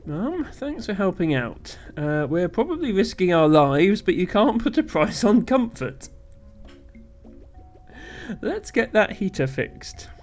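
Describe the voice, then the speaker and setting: A man's voice: high voice, big pitch swings, takes it slowly, faint music behind, pitched above the performer's own voice, full character voice. A man reading a polite hotel host. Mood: courteous. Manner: reads the lines plainly, no accent.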